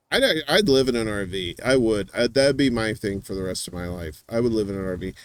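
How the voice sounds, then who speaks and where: A man's voice: lowish voice, expressive, a little fast, few pauses. A man hosting a show, chatting casually in a rambling, teasing way with lots of fillers and restarts. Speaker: podcast host. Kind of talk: casual chat.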